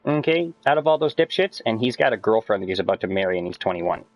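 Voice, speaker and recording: A man chatting with friends while he plays a game on stream. He lectures them and swears a lot, and his voice climbs higher as he gets worked up. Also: animated, fast talker, poor audio. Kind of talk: casual chat with friends while gaming.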